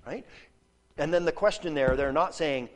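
Slightly high-voiced man teaching scripture. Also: brisk. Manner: explanatory, checks in with rhetorical "okay?" and "right?"; restarts and repeats words while thinking aloud. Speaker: Bible teacher. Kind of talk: lecture on a Bible passage.

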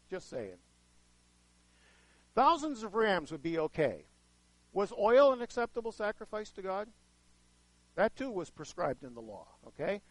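A man with a fairly high voice preaches a conversational sermon, talking to his listeners and asking them questions. His sound is dry and close, and he swings between quiet asides and loud emphasis. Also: no room sound, low-quality recording. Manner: conversational, asks the audience questions; dramatic shifts in loudness, acts out quoted voices. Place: room with a live audience.

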